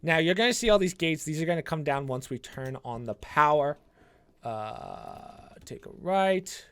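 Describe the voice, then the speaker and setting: A man's voice: fairly high pitch, big pitch swings, a little slow, fairly bright tone, clean tone. Chatty man explaining a game walkthrough. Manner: chatty, explains step by step with fillers. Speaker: gaming channel host. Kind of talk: casual gameplay walkthrough commentary.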